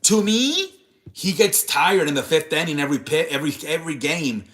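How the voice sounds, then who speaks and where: A man's voice: a little high, expressive, moderate pace, fairly bright tone. A man hosting a live sports stream, chatting casually with viewers in a rambling, profane way.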